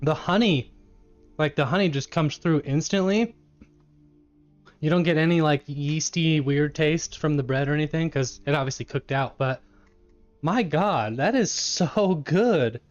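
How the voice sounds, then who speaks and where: A man's voice: fairly high pitch, lo-fi sound. A man live-streaming from his home kitchen, chatting casually with his chat, laughing often and eating as he talks.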